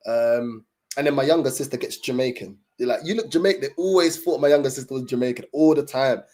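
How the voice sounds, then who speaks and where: A man's voice: medium pitch, fast, darkish tone. A young man chatting casually to his livestream viewers, in laid-back, slang-heavy talk full of fillers. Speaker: livestream host.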